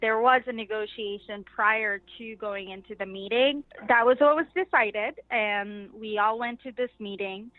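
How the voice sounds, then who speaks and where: A woman's voice: fairly high pitch, a little slow, few pauses, no echo. A woman guest casually recounting events, chatty, with many fillers. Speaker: interview guest, activist delegate. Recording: tinny phone-line sound.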